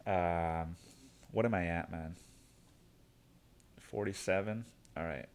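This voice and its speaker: A man from Cancun, Mexico, hosts a solo podcast, rambling casually, swearing a lot and calling the listener dude. His low-pitched voice is slow and a little mellow.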